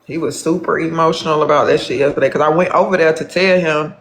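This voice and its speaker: Brief: male live streamer with a somewhat high voice, gossipy and foul-mouthed, loops back over his own sentences. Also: fairly even intonation, fast, a bit bright, a little hiss or hum. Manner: rambling, profane, repeats himself; gossipy, calls viewers honey. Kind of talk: casual live-stream chat.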